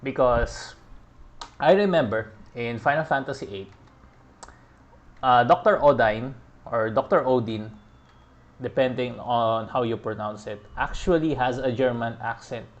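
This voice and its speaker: A man giving relaxed, chatty commentary as he plays through a video game, often laughing. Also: medium pitch, a little slow, long pauses, muffled recording. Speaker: gaming podcast host.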